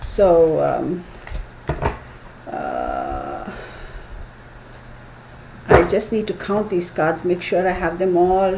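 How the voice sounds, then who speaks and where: A woman's voice: lowish voice, very animated, takes it slowly, creaky, pauses often. Woman doing a tarot reading live, lots of ums and restarts, faint hiss behind her. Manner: hesitant, filler-heavy, thinking aloud. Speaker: tarot reader.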